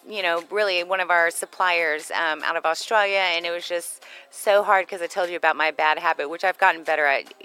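A woman's voice: fairly low pitch, steady tone, fairly quick, few pauses, sharp tone, clean tone, rough recording. A woman co-hosting a casual chat, playful and jokey, laughing often. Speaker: co-host.

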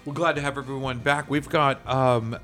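A man's voice: medium pitch, steady tone, normal speed, sharp tone, faint music behind. A man co-hosting a local radio talk show, chatting casually in a playful, rambling way with lots of fillers.

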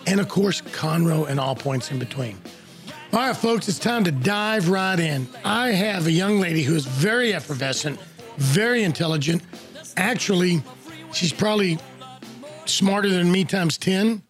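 A man's voice: high-pitched, expressive, moderate pace, soft background music. A man hosting a local radio talk show, folksy and joking as he talks straight to his listeners. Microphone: studio microphone.

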